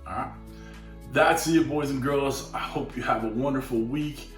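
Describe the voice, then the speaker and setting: A man's voice: mid-range voice, normal speed, soft background music. A man hosting a casual cooking demo, easygoing and chatty, saying "all right" often while he grills. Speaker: cooking channel host. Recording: roomy echo.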